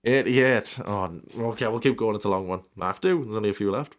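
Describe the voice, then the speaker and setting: A fairly low-pitched man reads a fan story quickly, with few pauses. He still finds room for dry, sarcastic interjections and mock indignation, giving the piece a comedic, aside-heavy feel.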